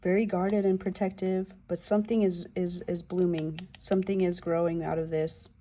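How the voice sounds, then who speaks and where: A woman's voice: on the low side, level tone, normal speed, dark tone. A woman giving a casual tarot reading, loose and profane, with slangy asides and the odd drop into a whisper. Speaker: tarot reader.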